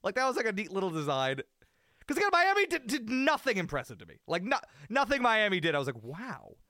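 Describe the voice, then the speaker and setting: A man's voice: sits high, wildly swooping pitch, fast, bright, forceful tone, dry recording, studio quality. A man co-hosting a sports podcast, ranting in a rambling, self-mocking way. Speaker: podcast co-host. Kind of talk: casual sports talk.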